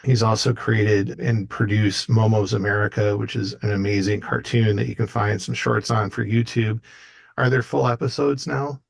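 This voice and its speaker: A man's voice: on the low side, flat delivery, moderate pace, vocal fry. A man co-hosting an interview podcast who introduces the guest with enthusiastic praise. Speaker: podcast co-host. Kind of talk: casual interview chat.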